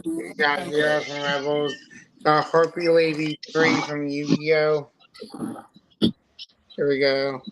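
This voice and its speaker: A man with a fairly high voice talks slowly and haltingly, pausing often with fillers as he chats on a live stream. The recording carries clear background noise throughout. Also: level tone. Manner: slow and halting, many fillers. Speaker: guest Funko collector. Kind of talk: casual live-stream chat. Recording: noisy background.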